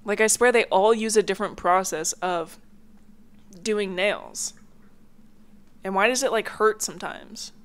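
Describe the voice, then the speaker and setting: A woman's voice: medium pitch, measured pace, long pauses. A young woman talking casually on her own podcast at home, rambling from thought to thought and full of filler words. Her voice sounds a little stuffy. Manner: chatty, rambling, lots of "like" fillers. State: a bit congested. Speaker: podcast host. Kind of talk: casual solo chat. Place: home, near a hallway.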